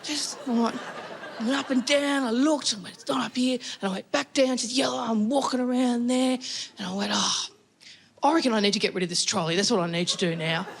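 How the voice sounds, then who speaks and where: A woman's voice: fairly high pitch, a little fast, gravelly. A woman with an Australian accent telling a stand-up story in a chatty, wry way, acting out the people she quotes. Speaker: stand-up comedian. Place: comedy venue before a laughing audience.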